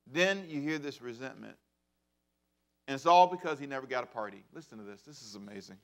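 A man in his fifties preaching a sermon as pastor, swinging between loud bursts and hushed asides. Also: fairly high pitch, fairly quick. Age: 50s.

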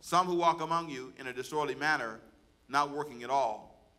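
A man's voice: mid-range voice, brisk. A man, a pastor, preaching a sermon and calling on the congregation to repeat words back to him. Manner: preaching with call-and-response to the congregation; loud, rising exhortation.

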